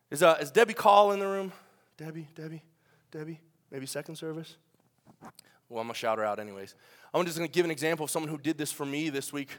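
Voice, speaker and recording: A young adult man preaching a sermon in a church, animated and joking, firing questions at the congregation. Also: sits high. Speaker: pastor. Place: church sanctuary.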